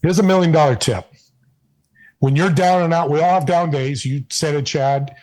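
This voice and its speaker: Brief: man, energetic and emphatic interview guest, voice sits high. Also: moderate pace, low-quality recording. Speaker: podcast host and guest. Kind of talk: casual interview storytelling.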